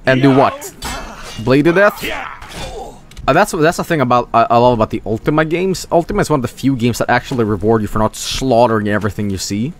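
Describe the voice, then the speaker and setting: A man's voice: medium pitch, brisk. Joking, profane man streaming. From Sweden. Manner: jokey, profane, animated, puts on silly voices. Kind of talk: casual gameplay commentary.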